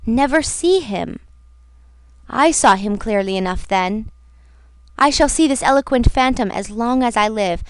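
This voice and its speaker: A woman narrating a classic novel as an audiobook in a measured, dramatic reading. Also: a little high, clear, resonant tone, dry recording. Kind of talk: scripted narration.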